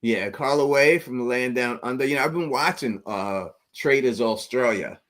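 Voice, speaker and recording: A man hosting a casual call-in livestream, animated and quick to laugh, often tripping over his words. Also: medium pitch. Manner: animated, laughs often, stammers through restarts. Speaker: livestream host.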